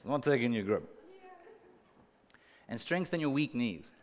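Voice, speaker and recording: A man's voice: medium pitch, lively intonation, moderate pace, a little mellow, big-room sound. A male pastor preaching a sermon in an earnest way, repeating words for emphasis and adding humorous asides. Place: church auditorium.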